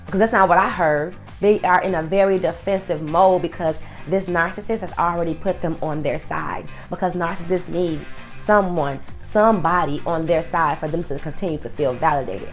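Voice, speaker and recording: A woman hosting an advice monologue, speaking emphatically with lots of repetition. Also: on the low side. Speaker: host.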